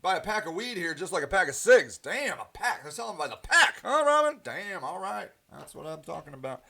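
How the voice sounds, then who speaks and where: A man with a high-pitched voice hosts a livestream and rants to his viewers. He is angry and swears often, breaking off into ums and restarts as he answers their comments. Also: sing-song, brisk, gravelly, sharp tone. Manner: profane, angry and emphatic, with frequent ums and restarts. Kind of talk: ranting livestream monologue.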